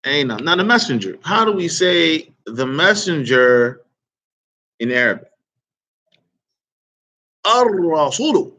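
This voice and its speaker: A man teaching an Arabic vocabulary lesson, quizzing his students and repeating each word slowly. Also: fairly high pitch, sing-song, sharp tone. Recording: dull lo-fi recording.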